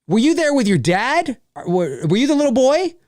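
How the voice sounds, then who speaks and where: Canadian man chatting on a livestream, rambling and repeating himself, lively up-and-down pitch, dry close sound. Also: normal speed, no echo. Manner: rambling, repeats phrases, reads out chat comments. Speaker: filmmaker hosting a live Q&A. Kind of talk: casual live-stream chat.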